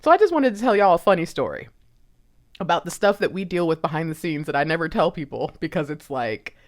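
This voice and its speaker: A woman with a low voice that swings widely up and down, chatting casually on a livestream. She rambles in a heartfelt way and breaks into laughs often. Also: lively intonation, fairly quick. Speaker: intuitive reader and channel host.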